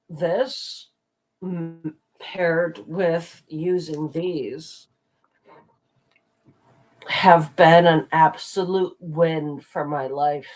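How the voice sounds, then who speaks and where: A co-host of a live stream who is crying, talking in a halting, hesitant way that trails off. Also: medium pitch, poor audio. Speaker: livestream co-host. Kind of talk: casual live-stream chat.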